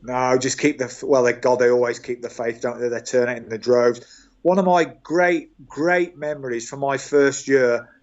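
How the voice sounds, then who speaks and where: A former football club staffer, now an older man with a Birmingham accent, guests on an interview with a mid-range voice at a moderate pace. He spins animated dressing-room anecdotes, chuckling as he goes and saying "mate" constantly, all on dull lo-fi call audio.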